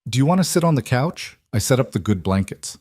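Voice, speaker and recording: A man's voice: mid-range voice, big pitch swings, fairly quick, a little mellow, slightly rough, no echo, studio quality, voice pushed up. A man voicing a serious, caring little girl who talks earnestly. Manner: serious, eager.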